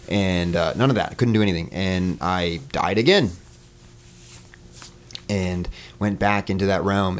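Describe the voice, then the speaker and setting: A man's voice: low-pitched, vocal fry, slight background noise. A man who is a podcast guest, telling a story in casual talk, loose and full of fillers, sometimes acting out the voices he quotes. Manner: relaxed, many fillers, acts out quoted voices.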